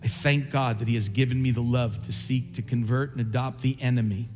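A male pastor preaching a sermon and altar call, passionate and repetitive, swinging from soft pleading to shouting. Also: mid-range voice, fairly even intonation, fairly quick, big-room sound, over music. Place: large church.

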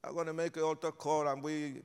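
A man preaching an impassioned sermon and altar call in a large church, swinging from shouts to hushed pleas. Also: on the high side, little pitch movement, brisk, clean tone. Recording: long reverb of a large hall.

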